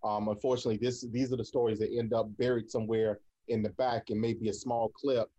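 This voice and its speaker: A man's voice: fairly low pitch, little pitch movement, a little fast, warm tone, lo-fi sound. A man hosting a radio talk show, speaking in an encouraging, preacher-like way with repeated phrases.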